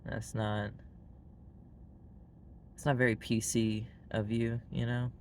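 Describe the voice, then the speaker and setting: Flat-voiced Southern man, blunt and rambly. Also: mid-range voice, slow, a little hiss or hum. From Arkansas, US. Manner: blunt and frank, heavy use of "like" fillers. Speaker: vlogger. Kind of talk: casual monologue to camera.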